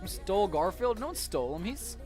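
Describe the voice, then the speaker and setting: A man's voice: high-pitched, very animated, brisk, darkish tone, soft background music. A man from Virginia co-hosting a livestream, chatting casually and playfully. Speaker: stream co-host.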